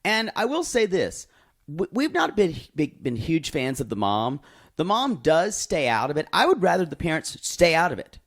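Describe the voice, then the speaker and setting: Animated man with a lively voice. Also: normal speed. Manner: animated, jumps into high mimicking voices. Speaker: podcast co-host. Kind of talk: casual chat.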